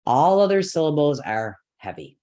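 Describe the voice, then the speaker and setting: A yoga and mantra teacher leads an online chant lesson, patiently explaining the rules step by step and laughing lightly now and then. His voice is fairly high, very animated, darkish in tone, and moves at a moderate pace.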